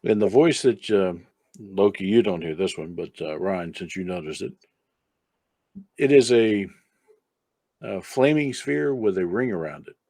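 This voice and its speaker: A man's voice: sits low, lively intonation, a little slow, pauses often, warm tone, dry recording. A man as game master, narrating a tabletop game in an easygoing, chatty way. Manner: easygoing, chatty, breaks off to talk to a pet.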